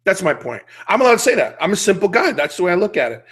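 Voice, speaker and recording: A man's voice: high voice, sing-song, fast, a bit bright, slight background noise. A middle-aged man hosting a podcast, ranting bluntly and animatedly in casual chat. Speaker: podcast host.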